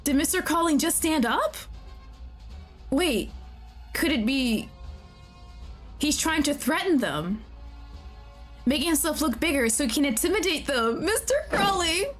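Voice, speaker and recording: A young woman streaming a game, talking to the characters, excitable and often laughing or swearing. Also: high voice, a little slow, pauses often, soft background music. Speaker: VTuber streamer. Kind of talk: casual gameplay commentary.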